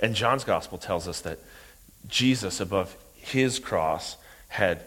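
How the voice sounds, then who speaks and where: A man preaching a sermon, impassioned and repeating phrases for emphasis, rising from quiet to loud. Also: sits low, expressive, takes it slowly. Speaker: pastor.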